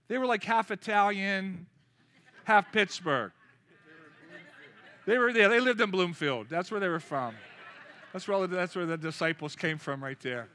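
A man in his fifties preaching a lively, joking sermon with call-and-response. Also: sits high, moderate pace. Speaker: pastor.

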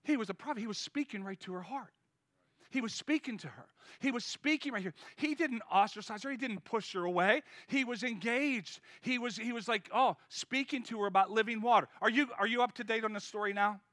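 High-voiced, bright male preacher. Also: a little fast, dry recording, clean studio sound. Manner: energetic, conversational preaching that urges the crowd on. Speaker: pastor. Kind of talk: sermon.

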